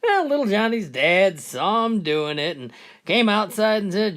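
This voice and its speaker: A woman narrating a countdown of jokes in an animated storytelling manner. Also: mid-range voice, unhurried. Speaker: joke narrator. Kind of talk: scripted joke telling.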